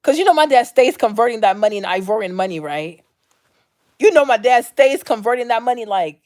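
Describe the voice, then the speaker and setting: A woman's voice: fairly high pitch, lively intonation, a little fast, a little mellow. A woman hosting her own vlog, ranting off the cuff in a blunt, profane, slangy way and repeating her points for emphasis. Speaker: vlog host. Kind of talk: unscripted commentary rant.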